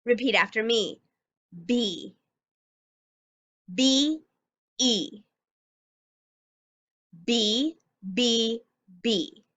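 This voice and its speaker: A woman teacher giving a phonics lesson to young children, sounding out letters slowly and clearly. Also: a little high, fairly bright tone.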